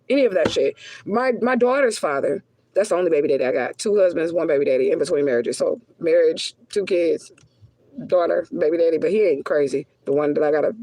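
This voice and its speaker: Her voice is lowish and mellow, recorded dry, as this woman spiritual reader offers a casual reading. She curses freely, speaks bluntly, and keeps repeating herself heatedly to stress her points.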